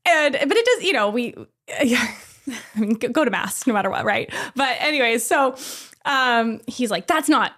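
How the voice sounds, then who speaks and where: A woman in her thirties, a podcast guest, telling a story in a casual, animated way, often laughing and acting out what people said. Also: fairly high pitch, moderate pace. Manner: animated, laughing, acts out quoted voices.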